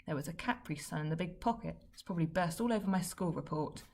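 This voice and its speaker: Brief: woman reading as a distraught young boy, pitched up and raspy, storybook. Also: expressive, fast talker, a little mellow. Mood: indignant. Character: upset young boy, blunt and excitable.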